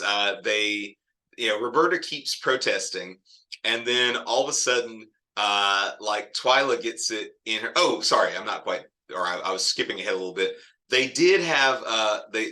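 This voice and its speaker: A man's voice: fairly low pitch, sharp tone. A man teaching a literature lesson in a casual, digressive way, often chuckling at the story. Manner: chatty, digressive, laughs often. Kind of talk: casual classroom lecture.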